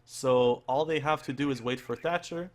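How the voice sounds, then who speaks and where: A male esports caster calls the action live in a hoarse, worn voice, his pitch sitting at an everyday middle. He stumbles over words and restarts his sentences often. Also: slight background noise. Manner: halting, with frequent restarts and fillers. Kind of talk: live play-by-play commentary.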